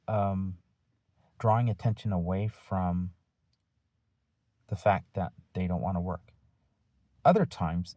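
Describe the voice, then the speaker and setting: Deep husky guy teacher lecturing his students, slow and firm, rhetorical questions, dry sound. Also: warm tone, no room sound. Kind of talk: lecture-style talk to students.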